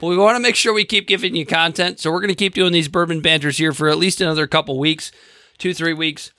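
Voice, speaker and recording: Bright, high-voiced man co-hosting a podcast. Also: fairly even intonation, fast, no room sound. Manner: dry, sarcastic asides. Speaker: podcast co-host. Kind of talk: casual podcast banter.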